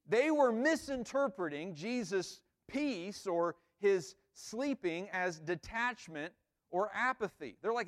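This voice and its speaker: A man's voice: sits high, animated, unhurried. A man preaching a sermon in a conversational way, often checking in with "right?" and acting out quoted lines. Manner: acts out the disciples' lines with rising emphasis. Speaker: pastor.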